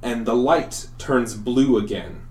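A young man narrating as game master, in a halting way with many pauses and fillers. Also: medium pitch, darkish tone, echoey room. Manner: halting, full of ums and likes.

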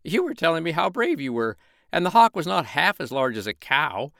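A man's voice: a little high, big pitch swings, normal speed, vocal fry, sharp tone, no room sound, studio quality, pitched above the performer's own voice, full character voice. A man voicing a small, chirpy male robin in a storybook reading, teasing and scolding. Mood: mocking.

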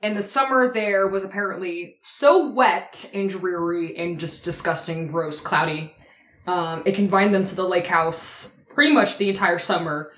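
A woman's voice: on the low side, normal speed, a bit bright. A woman co-hosting a podcast, telling a history story in a loose, casual way, swearing often and laughing easily. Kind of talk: casual chat. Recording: echoey room.

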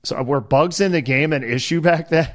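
A man's voice: fairly high pitch, normal speed. A man co-hosting a podcast, chatting casually and curiously, often asking questions. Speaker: podcast co-host. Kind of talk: casual chat.

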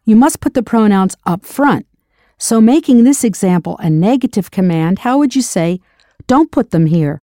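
A woman's voice: mid-range voice, animated, moderate pace, dark tone, no room sound, clean studio sound. A woman narrating a scripted audio language lesson as the teacher. She patiently prompts drill questions and then confirms the answers.

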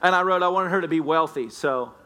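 A man's voice: a little high, brisk, very noisy. A man preaching a sermon as a pastor, joking and playfully telling stories to the congregation. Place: church sanctuary.

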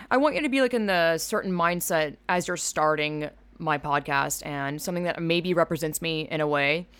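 A woman from Georgia rambles through her solo podcast, swearing freely and poking fun at herself. Her voice sits low with a gravelly fry. She gets animated and loud as she talks. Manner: rambling, profane, self-mocking. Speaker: podcast host. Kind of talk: casual solo podcast monologue.

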